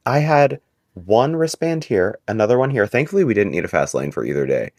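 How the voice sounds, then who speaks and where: A man co-hosting a casual podcast, telling stories in an animated, exasperated way. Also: a little fast, no echo, clean studio sound. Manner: animated, exasperated storytelling with big pitch jumps. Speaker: podcast co-host.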